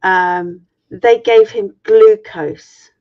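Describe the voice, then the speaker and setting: A woman's voice: medium pitch, fairly even intonation, extremely slow. A middle-aged woman on a video call, frankly and swearily retelling an ordeal in a personal story. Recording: muffled lo-fi stream audio.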